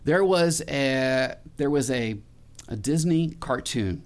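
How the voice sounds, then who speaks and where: A man's voice: mid-range voice, takes it slowly. Middle-aged guy pastor preaching, chatty and loose, asks the room questions, voice in a normal middle range. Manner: conversational preaching with restarts, asks the congregation questions. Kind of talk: sermon.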